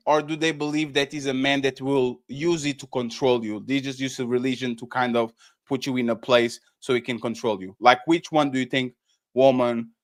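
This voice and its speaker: A man's voice: mid-range voice, a bit bright. A man with a New York accent hosting a casual panel podcast, asking loose, rambling questions full of restarts. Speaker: podcast host. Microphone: streamed podcast mic.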